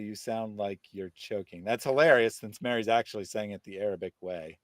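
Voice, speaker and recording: Male host, mid-pitched, sarcastic and combative with commenters, dry close mic. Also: normal speed, hardly any pauses, no room sound. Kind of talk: live-stream debate chat, reading viewer comments.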